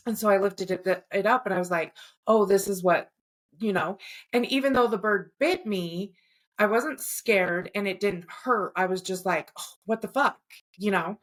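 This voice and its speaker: A woman co-hosting a podcast, telling a dream in a casual, animated way with frequent swearing. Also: mid-range voice, normal speed. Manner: profane, animated storytelling. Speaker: podcast co-host. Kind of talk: casual chat, recounting a dream.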